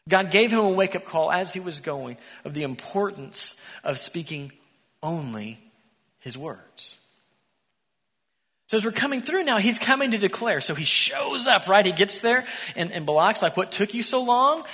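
A man preaching a sermon in a church, an animated storyteller who acts out the characters. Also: sits high, moderate pace, husky. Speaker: pastor. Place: church sanctuary. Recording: echoey church hall.

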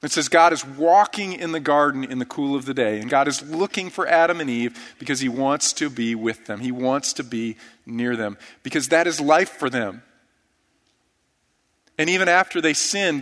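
A man's voice: fairly high pitch, fairly bright tone. A man preaching an earnest, reverent sermon as pastor. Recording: church sanctuary with long reverb.

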